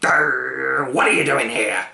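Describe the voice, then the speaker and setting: Man doing a gruff, scolding clockwork watchdog. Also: medium pitch, slow, bright, forceful tone, exaggerated voice. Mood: growling. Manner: growling, barking, scolding. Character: gruff clockwork watchdog, male, impatient and stern. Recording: echoey room.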